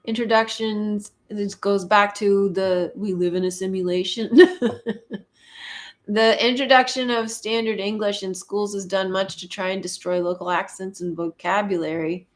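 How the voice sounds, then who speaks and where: A woman from Canada hosting a casual live chat, reading viewer comments aloud and musing on them, laughing often and pausing with fillers. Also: medium pitch, fairly even intonation.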